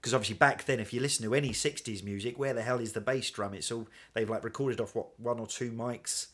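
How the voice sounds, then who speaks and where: A man, a guest in a casual chat, telling stories in an animated, chatty way and laughing often. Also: mid-range voice, quick pace. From England.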